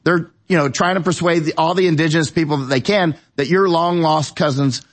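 A man's voice: a little high, a little fast. A man appearing as a guest on a talk show, chatting in a rambling, digressive way with many restarts. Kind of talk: casual talk show conversation.

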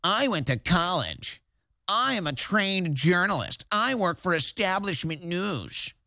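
A smug, self-important woman journalist drawls out her claims slowly and deliberately, as a man mocks her. The voice sits a little high, recorded close and dry. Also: very animated, pushed and bright, no room sound, exaggerated voice. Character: smug entitled female journalist.

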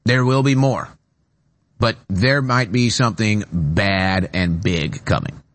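A man's voice: fairly low pitch, slow, fairly bright tone. A man hosting a talk show from a studio, delivering an emphatic, repetitive political monologue with rising urgency. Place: radio studio.

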